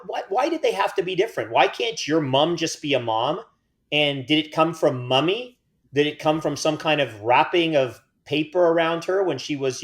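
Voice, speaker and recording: An American man co-hosting a casual podcast, rambling through playful tangents and mock-serious teasing. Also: a little high. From United States. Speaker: podcast co-host. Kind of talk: casual chat.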